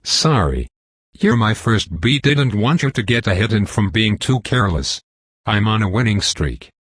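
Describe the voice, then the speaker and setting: Brief: man doing a chatty, earnest young speedster boy, low and slightly husky, for a comic read-aloud. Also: very animated, moderate pace, fairly bright tone, no room sound, exaggerated voice. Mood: apologetic. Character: eager young male superhero speedster, earnest.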